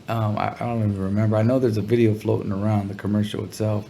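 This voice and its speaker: A man telling a story in a relaxed interview, talking in slang and sounding animated when he quotes people. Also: on the low side, brisk, few pauses, slight background noise. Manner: laid-back, slangy, animated when quoting others. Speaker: guest musician.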